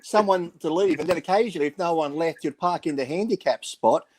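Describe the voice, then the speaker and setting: A man's voice: a little high, fairly quick, a little mellow. A man telling rambling gym anecdotes in a casual radio talk show, acting out the quoted lines. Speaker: podcast panelist. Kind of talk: casual storytelling chat.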